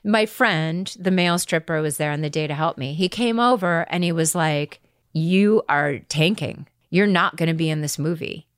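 A woman's voice: low voice, moderate pace, smooth, dry recording, clean studio sound. A middle-aged actress, a woman, telling anecdotes in casual chat and acting out the people she quotes. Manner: animated, acts out quoted people. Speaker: actress guest.

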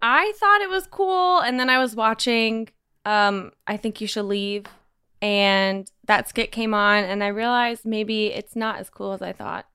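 A woman's voice: medium pitch, a little slow, bright, forceful tone, smooth, no echo, studio quality. A woman with a Kentucky accent hosting a casual podcast, chatting in a youthful, self-deprecating way. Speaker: podcast host.

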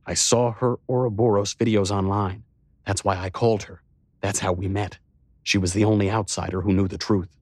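A man's voice: on the low side, steady tone, normal speed, darkish tone, dry recording, clean studio sound, close to an everyday voice. A man reading a novel aloud, voicing a youngish tech billionaire who talks bluntly in a sure, strong voice. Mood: confiding. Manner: blunt and casual. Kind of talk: audiobook character voice.

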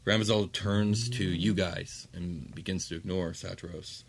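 Low-voiced man narrating a tabletop game. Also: vocal fry. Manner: relaxed narration with frequent "um" pauses. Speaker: game master.

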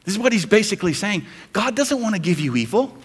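A man's voice: high voice, very animated, quick pace, breathy edge, in a large hall. A man preaching a sermon as pastor, building to emphatic, rising intensity.

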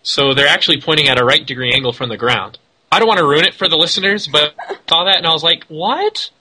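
A man co-hosting a podcast, chatting casually and critiquing an animated film in an animated, rambling way with self-corrections. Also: a little high, quick pace, a little hiss or hum, rough recording. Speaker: podcast co-host. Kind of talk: casual film review chat.

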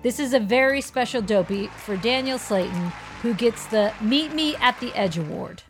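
A woman's voice: fairly high pitch, animated, normal speed, faint music behind. A woman co-hosting a podcast, chatting casually and playfully with frequent laughter. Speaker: podcast co-host. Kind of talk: casual chat.

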